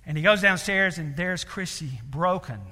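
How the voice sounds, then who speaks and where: A man's voice: sits high, moderate pace, sharp tone. A man preaching a sermon, telling a story earnestly with many fillers and building to emphatic appeals. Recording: long reverb of a large hall.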